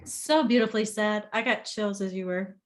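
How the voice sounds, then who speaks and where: A woman's voice: mid-range voice, steady tone, normal speed. A woman hosting a podcast interview, casual and encouraging, affirming her guest. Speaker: podcast host.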